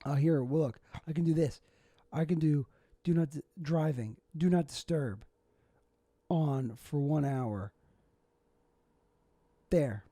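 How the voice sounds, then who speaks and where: Young male comic hosting a solo podcast, rambling and self-deprecating, mellow tone, dry close sound. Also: fairly high pitch, slow pace, long pauses, no echo. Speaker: podcast host and stand-up comic. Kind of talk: casual solo podcast monologue.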